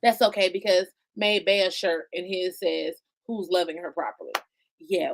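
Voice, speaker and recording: A woman hosting her live-streamed podcast in a casual, chatty way, laughing often and swinging from loud bursts down to soft asides. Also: lowish voice, fairly even intonation, moderate pace, vocal fry. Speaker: podcast host.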